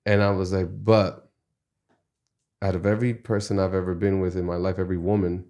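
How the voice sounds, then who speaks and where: A man's voice: low voice, flat delivery, brisk, darkish tone. A man who is a guest on a podcast, telling stories from his life in an earnest, reflective way. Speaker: podcast guest, music executive. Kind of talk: conversational interview storytelling.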